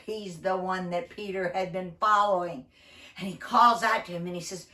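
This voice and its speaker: A woman telling a Bible story to children, animated and talking straight to them. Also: medium pitch, a little slow. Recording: roomy echo, distant mic, faint noise.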